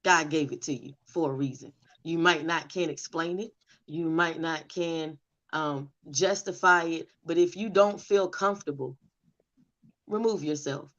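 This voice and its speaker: A woman's voice: deep voice, a little slow, fairly bright tone, dull audio. A middle-aged woman telling her personal story in an interview, with emotional, emphatic delivery. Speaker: interview guest.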